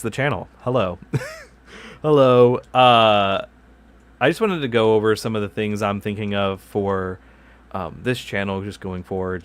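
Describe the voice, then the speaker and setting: Rambling, self-correcting male streamer. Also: lowish voice. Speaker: gaming channel host. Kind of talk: casual chat while live streaming gameplay. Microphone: microphone kept far from the mouth.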